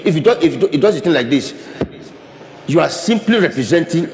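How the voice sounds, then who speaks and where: Here a pastor delivers a sermon in a high, slightly mellow voice. He talks animatedly, circling back and restarting phrases as his hands demonstrate, all captured with a hall's long reverberation.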